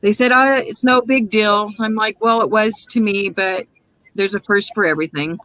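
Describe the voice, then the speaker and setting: A woman's voice: medium pitch, steady tone, moderate pace, a bit bright, no echo, low-quality recording. A woman hosting a casual chat, reflective and talkative, trading her own stories. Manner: reflective, chatty, trades stories. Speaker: host.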